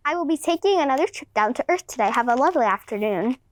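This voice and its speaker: A woman playing the sneaky king of the gods in a student class play, smooth-talking but flustered and full of excuses. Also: high voice, animated, quick pace.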